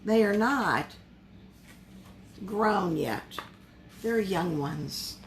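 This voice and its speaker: A woman's voice: medium pitch, animated, extremely slow, a little hiss or hum. A woman pastor leading a Bible study in a conversational way, often asking her listeners questions.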